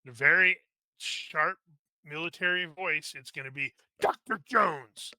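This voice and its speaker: A man playing a tabletop game, describing his character's actions in a brisk, decisive way. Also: a little high, bright, forceful tone, clear, resonant tone, no echo, low-quality recording. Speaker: player.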